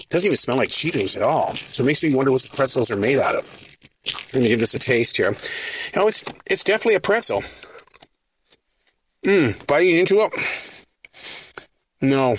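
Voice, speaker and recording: A man's voice: on the high side, background noise. A middle-aged man hosting a casual podcast vlog, chatty and storytelling, laughing easily. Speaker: podcast host and customer service manager.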